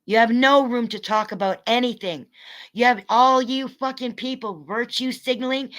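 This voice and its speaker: A woman streamer in an angry, profane rant at her viewers, talking in fast bursts. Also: fairly high pitch, a bit bright. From North America. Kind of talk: angry rant to a live audience.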